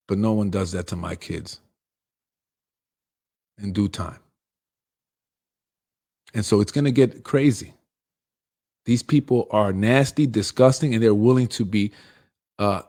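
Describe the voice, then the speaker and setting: A man's voice: mid-range voice, warm tone. Blunt streetwise man venting. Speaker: political show host. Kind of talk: heated monologue.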